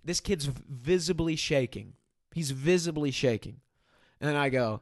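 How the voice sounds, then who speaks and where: A man's voice: on the high side, unhurried, no echo. Blunt storytelling man, dry close sound. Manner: animated, acts out quotes, blunt and forceful. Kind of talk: casual storytelling chat.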